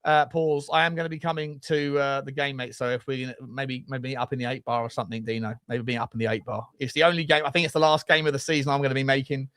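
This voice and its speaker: A man co-hosting a casual football podcast, chatty and laughing often as he reads out viewer shout-outs. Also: medium pitch, fairly even intonation, fast, few pauses, clear, resonant tone, no echo, studio quality. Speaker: co-host.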